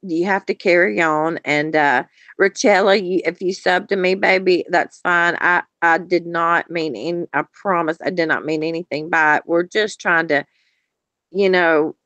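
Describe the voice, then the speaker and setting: A woman's voice: lowish voice, fairly even intonation, a little slow, dry recording. A woman, joking and talking to viewers by name on a live stream. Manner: warm, joking, talks to chat viewers by name. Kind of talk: casual live-stream chat.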